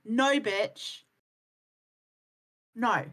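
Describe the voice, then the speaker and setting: A woman's voice: on the high side, drawn-out words, a bit bright. A woman streaming live, lecturing bluntly and swearing freely, and mimicking other people's words as she goes. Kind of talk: heated live-stream chat.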